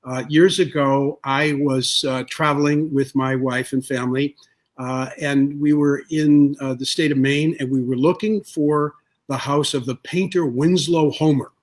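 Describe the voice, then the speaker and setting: A man being interviewed as a guest author, telling stories in an unhurried, thoughtful way with many pauses. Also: mid-range voice, steady tone. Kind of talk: relaxed storytelling in an interview.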